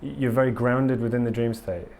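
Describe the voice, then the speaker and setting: A man's voice: mid-range voice, level tone, fairly quick, a little mellow, slight background noise. Enthusiastic man giving a talk. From England. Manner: candid, enthusiastic, rambling with many ums. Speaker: conference speaker. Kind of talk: live conference talk and Q&A. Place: conference hall.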